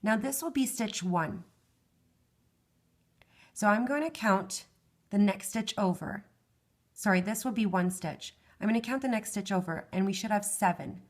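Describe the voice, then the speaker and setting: A woman's voice: medium pitch, unhurried, long pauses. A woman giving a step-by-step craft tutorial, patiently explaining each hand movement and counting stitches aloud, her voice worn and fading. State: losing her voice.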